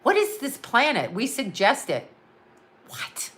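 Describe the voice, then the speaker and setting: A woman's voice: a little high, huge pitch swings, slow pace, a bit bright. A woman chatting casually on a live stream, rambling and blunt, laughing often and swearing freely. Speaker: psychic and astrologer answering live chat.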